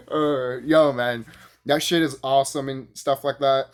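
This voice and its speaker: A man giving a casual, profane, rambling review, full of fillers and bursts of laughter. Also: slow. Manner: animated, jumps high when excited. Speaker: YouTube reviewer.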